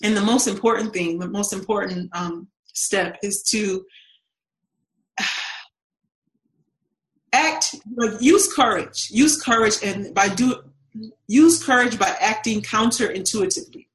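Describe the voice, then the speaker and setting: A woman talking casually as a guest, animated and acting out what she used to say and think. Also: mid-range voice, unhurried, pauses often, reverberant, low-quality recording. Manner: animated, acts out her past self's voice. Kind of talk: casual chat.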